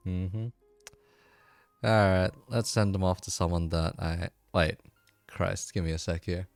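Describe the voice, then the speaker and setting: A man's voice: low-pitched, little pitch movement, a little slow, creaky, no echo, faint music behind. A man hosting a live stream, chatting casually with dry, amused reactions. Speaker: streamer host.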